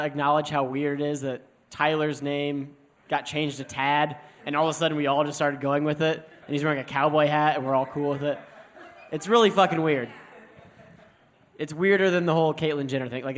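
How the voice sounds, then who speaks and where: Guy emceeing a live show, slightly high voice, bit of noise behind. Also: fairly bright tone. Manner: loose, joking banter. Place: comedy club stage.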